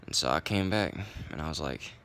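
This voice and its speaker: A man's voice: extremely low pitch, animated, fairly quick, bright, forceful tone, clean tone. A young man, casually telling a story in a rambling, profane way. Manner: profane, rambling, laid-back. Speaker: vlogger.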